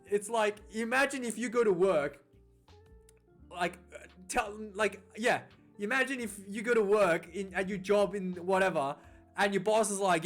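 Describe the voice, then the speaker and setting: High-voiced man rambling about rugby news. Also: fairly bright tone. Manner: rambling, frequent restarts and repeated words. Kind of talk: casual commentary vlog.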